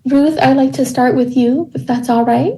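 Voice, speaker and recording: A woman reading a passage aloud and then moderating a panel in a measured, formal way. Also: high-pitched, steady tone, dark tone, far from the mic, a little hiss or hum, poor audio.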